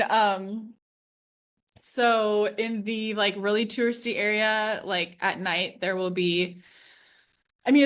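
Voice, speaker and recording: A woman in her thirties co-hosts a relaxed podcast chat, her voice sitting at an ordinary middle pitch. She rambles through anecdotes with plenty of "like" and laughs easily as she goes. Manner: chatty, fills speech with "like", laughs often while telling stories. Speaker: podcast co-host. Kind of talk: casual chat.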